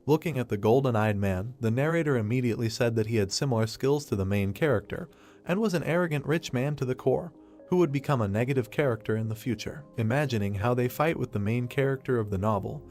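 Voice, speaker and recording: A man narrating a story recap script in a steady, even storytelling voice. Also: medium pitch, fast talker, faint music behind.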